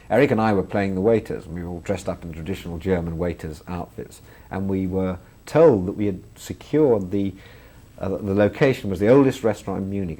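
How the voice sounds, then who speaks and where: Englishman, comedian guest, very low gravelly voice, chatty and self-deprecating. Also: mellow. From England. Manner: chatty, self-deprecating, laughs through stories. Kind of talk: interview anecdotes.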